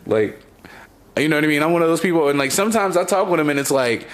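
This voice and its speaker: A man's voice: a little high, expressive, fast. A man in his thirties co-hosting a podcast in casual chat, rambling with lots of fillers. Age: 30s. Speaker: podcast co-host.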